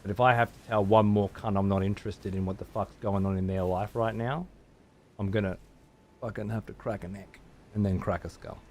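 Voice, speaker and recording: A man's voice: lowish voice, fairly even intonation, a little fast, a little mellow, slight background noise. An Australian man streaming a game live, ranting and swearing heavily while he talks to his chat. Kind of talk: live gameplay commentary.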